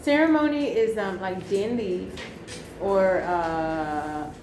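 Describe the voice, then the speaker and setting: A woman's voice: medium pitch, takes it slowly, a little mellow, a little hiss or hum. A woman teacher reading an exam passage to her class, with jokey asides and explanations. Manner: chatty, jokey asides while reading aloud. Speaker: English teacher. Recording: echoey room.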